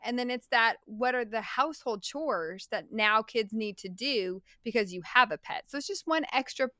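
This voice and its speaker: A middle-aged woman co-hosting a podcast, telling family stories in a bubbly, animated way. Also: on the high side, moderate pace, dry recording, studio quality. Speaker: podcast co-host. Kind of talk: casual chat.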